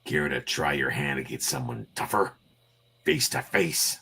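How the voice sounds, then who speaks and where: A man voicing a gruff, tough male mutant brawler in a comic read-through, growling his taunts low. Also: very animated, measured pace, bright, forceful tone, a little hiss or hum, heavily acted. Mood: taunting.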